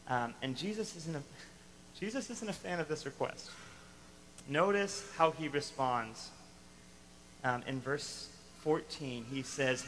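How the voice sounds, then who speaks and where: Guy giving a sermon, kinda high voice, lively, faint hum behind, big hall echo. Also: slow pace, long pauses. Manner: animated, emphatic, acts out quotes. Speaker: pastor.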